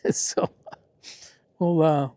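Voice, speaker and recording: A man chatting casually about his ham radio contacts in a relaxed, self-deprecating way, recording outdoors in the desert. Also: extremely slow, a little hiss or hum. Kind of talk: casual outdoor vlog narration.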